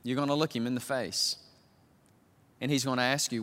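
An older man preaching as a pastor, moving from quiet musing to loud, emphatic declarations. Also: medium pitch, fairly even intonation, normal speed, long pauses. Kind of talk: sermon. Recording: long reverb of a large hall.

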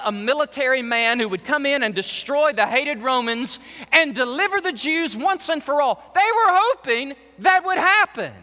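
A man preaching a sermon as pastor, animated and acting out the voices of scripture. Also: sits high. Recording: long hall reverb.

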